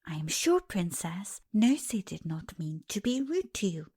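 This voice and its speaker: A woman voicing a nervous housekeeper trying to smooth things over. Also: medium pitch, big pitch swings, unhurried, dark tone. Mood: placating. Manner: soothing, placating. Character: timid appeasing housekeeper woman.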